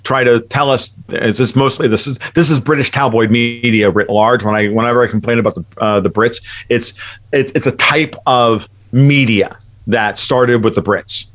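Man, guest commentator, casual chat, emphatic, rambling, restarts a lot, mid pitch. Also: steady tone, normal speed, fairly bright tone.

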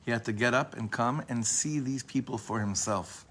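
A man giving an informal Torah class to a live group, talking in a discursive way, often breaking off and restarting his sentences, and slowing down to repeat key phrases. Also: medium pitch, a bit bright. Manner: leans on a phrase by repeating it slowly. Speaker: Torah teacher.

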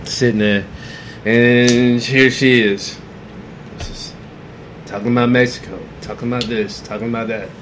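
A man co-hosting a podcast, telling a story in a halting, rambling, profane way. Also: mid-range voice, steady tone, noisy background. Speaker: podcast co-host. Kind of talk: casual chat.

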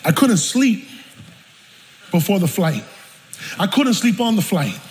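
A high-pitched man preaches an animated, emotional personal story. His voice carries into a large church with a long echo. A faint hum of the room sits under him. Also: takes it slowly. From South Bronx, New York. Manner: animated, emotional storytelling with bursts of laughter and shouting. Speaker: pastor. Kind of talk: storytelling sermon.

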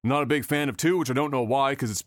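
A man's voice: medium pitch, quick pace, dry recording, studio quality. A man hosting a casual gaming news podcast, sarcastic and offhand, swearing freely, with many fillers and restarts. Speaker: podcast host.

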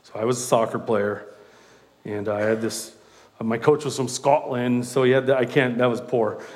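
A male preacher delivers a sermon at a middle pitch. He talks conversationally and with animation, breaking in with self-deprecating asides. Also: fairly even intonation, normal speed, a little mellow.

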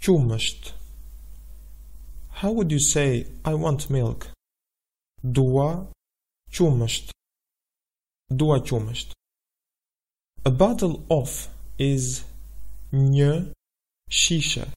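Guy teaching a language real slow, repeats every word, mellow low-key voice. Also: animated. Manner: patient, repeats words slowly for the listener. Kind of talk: slow, deliberate language lesson.

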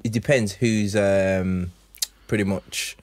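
A man's voice: fairly low pitch, steady tone, slow, darkish tone. A young man, chatting casually and teasing with frequent laughs. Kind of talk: casual chat.

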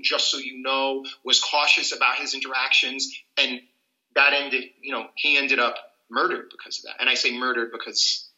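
A man's voice: mid-range voice, pushed and bright, reverberant, dull audio. A man, a civil rights attorney, explaining people's rights as a guest on a podcast. He talks earnestly and acts out little scenes as he goes.

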